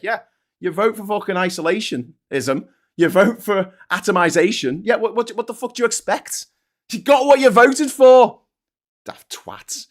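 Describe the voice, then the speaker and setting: A man delivers a heated, sarcastic rant, swearing freely and tripping over restarts. His pitch swings widely as he talks. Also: lively intonation, moderate pace. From Liverpool, England. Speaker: vlogger, channel host. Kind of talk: casual ranting monologue.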